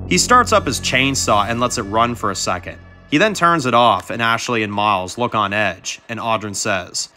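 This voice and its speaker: A man narrating a fan survival story in a plain, steady storytelling manner. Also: fairly low pitch, moderate pace, faint music behind.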